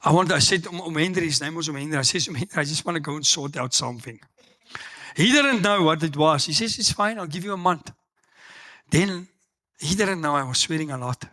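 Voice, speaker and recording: A middle-aged South African man preaching a sermon, telling personal stories and acting out the dialogue with loud exclamations. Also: fairly high pitch, brisk. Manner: animated storytelling, acts out dialogue, exclaims loudly. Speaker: pastor.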